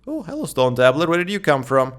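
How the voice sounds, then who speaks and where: Young male let's player, smooth clear voice, rambling casual commentary, morning voice. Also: fairly high pitch, very animated, fast talker. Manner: chatty, thinking aloud with many fillers.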